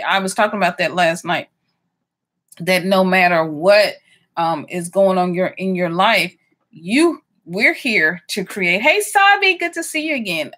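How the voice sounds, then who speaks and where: A woman hosting a casual livestream, greeting viewers by name with many ums and quick laughs. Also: fairly low pitch, a bit bright. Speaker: livestream host.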